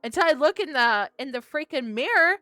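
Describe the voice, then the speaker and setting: Woman, podcast co-host, animated storyteller, lively swooping pitch, dry close sound, faint music. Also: brisk, no echo. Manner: animated storyteller, acts out her own reactions. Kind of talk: candid casual chat.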